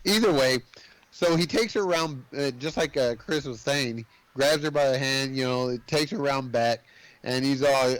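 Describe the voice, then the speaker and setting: A man co-hosting a podcast, casually retelling a film's plot in a rambling, animated way, full of filler words. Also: mid-range voice, moderate pace, dry recording, rough recording. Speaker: podcast co-host. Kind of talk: casual movie recap chat.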